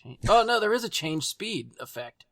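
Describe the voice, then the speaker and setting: A man's voice: sits high, sing-song, normal speed, vocal fry, a bit bright, no room sound. Laid-back male podcast host, dry sound. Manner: self-deprecating, laughs easily. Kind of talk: casual podcast banter.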